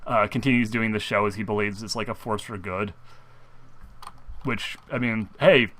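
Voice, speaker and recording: A man's voice: on the low side, fairly even intonation, moderate pace, fairly bright tone. A young man co-hosting a casual fan talk show, rambling with lots of fillers and restarts. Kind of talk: casual chat.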